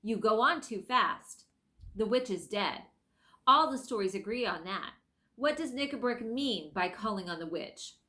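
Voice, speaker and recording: Urgent old scholar, reasoning, bright tone, read by a woman. Storybook reading. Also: medium pitch, lively intonation, measured pace.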